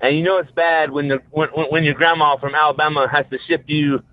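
A man phoning in to a radio show with a cheerful, quick anecdote. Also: fairly high pitch, little pitch movement. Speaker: caller. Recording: tinny phone line.

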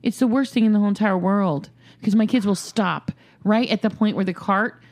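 A woman in her thirties co-hosting a podcast, telling stories in casual chat with dry, deadpan jokes. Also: mid-range voice, a little fast. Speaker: podcast co-host.

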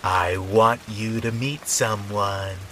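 A creepy old woman neighbor, frail and long a smoker, speaks in a slow, drawn-out sing-song, as a deep-voiced man puts her on. Her words sound a little set back from the mic, with soft rain falling behind. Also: steady tone, distant mic, a little hiss or hum. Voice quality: damaged smoker's voice.

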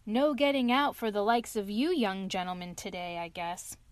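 A woman's voice: medium pitch, moderate pace, smooth, dry recording, natural voice. Woman voicing a humble young hedgehog servant. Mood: respectful. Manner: deferential, rustic turns of phrase. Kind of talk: storybook reading.

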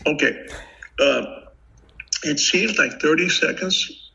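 An older man, a retired agent, telling a gripping story in a casual podcast interview, vivid and animated with many restarts. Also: fairly high pitch, slow pace, creaky, noisy background. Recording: dull lo-fi audio.

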